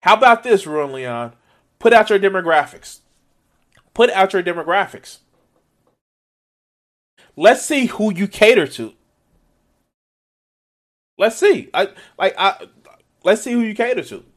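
A man reacts to a clip with exasperated, sarcastic commentary and plenty of swearing. His voice sits high and swings widely in pitch. He keeps stopping to mock what he hears. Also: expressive, a little slow, pauses often.

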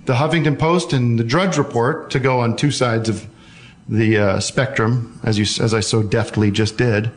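A man hosts a casual call-in show. He rambles in loose, halting phrases, circling back and restarting his thoughts. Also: medium pitch, steady tone. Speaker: podcast host taking calls.

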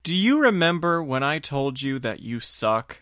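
A woman's voice: a bass voice, big pitch swings, normal speed, a bit bright, no room sound, clean studio sound, pitched below the performer's own voice, heavily acted. A woman voicing a stiff, awkward cartoon father with wooden, stilted delivery, mocking a movie line. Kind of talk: mocking movie quote in podcast chat.

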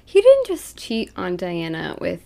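A woman co-hosting a podcast in relaxed, casual chat, sharing her views and murmuring agreement. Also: fairly low pitch, a little slow, creaky. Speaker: podcast co-host.

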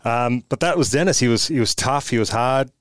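An Australian man, a former footballer, telling blunt, animated stories as a podcast guest with mild swearing. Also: medium pitch, a little fast, no room sound. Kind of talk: casual storytelling chat.

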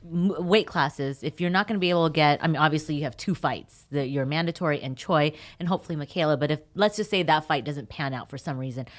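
A woman in her forties co-hosting a podcast, chatty and quick to laugh as she asks questions. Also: low-pitched. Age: 40s. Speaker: podcast co-host. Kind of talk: casual interview chat.

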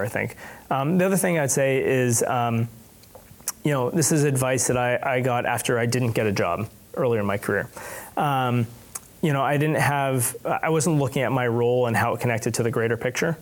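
A man talking as a guest on a podcast, answering in a halting way with frequent restarts and small laughs. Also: medium pitch. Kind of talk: casual conversational interview.

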